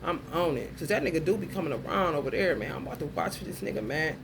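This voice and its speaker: A woman's voice: low-pitched, expressive, fast talker, noisy background. A woman giving a casual monologue to her viewers, telling a story bluntly and heatedly, with plenty of profanity. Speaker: vlogger.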